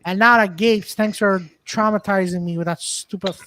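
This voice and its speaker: A man's voice: high voice, steady tone, moderate pace, pushed and bright, no room sound. Ranting podcast man, dry close sound. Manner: ranting, swearing, reads out chat comments. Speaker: podcast co-host. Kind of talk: casual comedy podcast chat.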